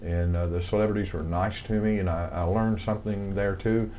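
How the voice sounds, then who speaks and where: Older Southern man, very low voice, rambling interview guest, faint background noise. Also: steady tone, brisk, mellow. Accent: light Southern American. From American South. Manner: rambling, many fillers and restarts. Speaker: guest, songwriter and composer. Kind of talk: casual interview storytelling.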